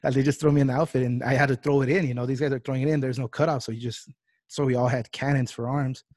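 A young man hosting a podcast over a video call, chatting casually and acting out quotes in a louder voice. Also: mid-range voice, rapid-fire, no echo. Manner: animated, acts out quotes in a raised voice. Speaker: podcast host. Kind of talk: casual interview chat.

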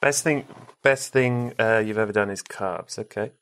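A man's voice: on the low side, normal speed, a bit bright, clean tone. A man hosting a podcast, chatting casually and teasing his guest in a playful way. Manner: playful, teasing, mock-grand announcing. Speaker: podcast host. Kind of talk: casual chat.

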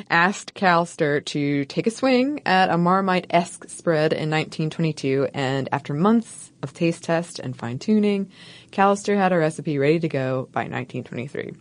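Woman, podcast co-host, lowish voice, wry playful storytelling, scripted narration with banter.

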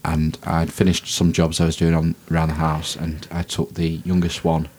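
A man's voice: rumbling low, completely flat delivery, moderate pace, darkish tone, breathy edge. A man, co-hosting a casual podcast chat, swearing freely and laughing often. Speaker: podcast co-host.

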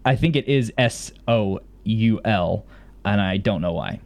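A man's voice: lowish voice, unhurried, a little mellow. A man co-hosting a podcast in casual recap chat, with dry, wry complaints. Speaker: podcast co-host.

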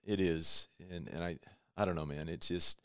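A man's voice: low voice, steady tone, normal speed, fairly bright tone, clear, resonant tone, no room sound, clean studio sound. A man speaking as a guest in a casual conversation, laid-back and often saying "man" and "you know". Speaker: guest, construction company manager.

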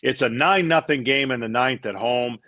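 A middle-aged man, a former pitcher, telling stories in a casual interview; he acts out what people said and often repeats words as he goes. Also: moderate pace, dry recording, lo-fi sound. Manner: animated storyteller, acts out quotes, repeats words.

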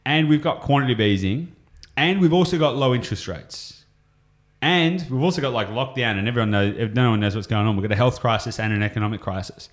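A man's voice: mid-range voice, brisk. An Australian man explaining property investing on a podcast, enthusiastic and rambling, often going off on tangents.

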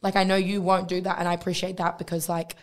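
Young aussie woman chatting on a podcast, kinda low voice, says "like" constantly, acts out her stories. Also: fast. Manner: chatty, lots of "like" fillers and restarts; animated storytelling, acts out quotes. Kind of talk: casual chat.

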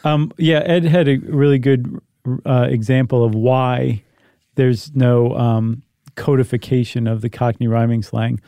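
A man co-hosting a podcast, explaining in a jokey, animated way and firing off rhetorical questions. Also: medium pitch, a little slow, clear, resonant tone, no echo. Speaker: podcast co-host. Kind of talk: casual chat.

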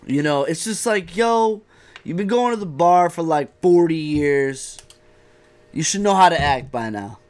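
A young man chatting casually on a podcast, loose and profane, swearing as easily as he laughs. His voice sits a little high for a man. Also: animated, normal speed, darkish tone. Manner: profane, joking, laid-back. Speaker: podcast co-host. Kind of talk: casual bar-talk podcast chat.

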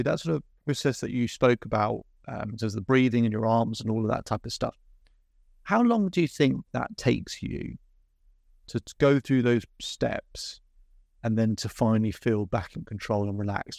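A man's voice: medium pitch, lively intonation, normal speed, creaky, darkish tone, no room sound, clean studio sound. A man coaching a client, encouraging and asking probing questions. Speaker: confidence coach. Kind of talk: coaching session.

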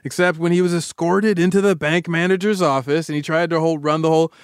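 A man co-hosting a podcast, telling a true-crime story in a casual, animated way with frequent laughs and asides. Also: on the high side, fast, clear, resonant tone, dry recording, clean studio sound.

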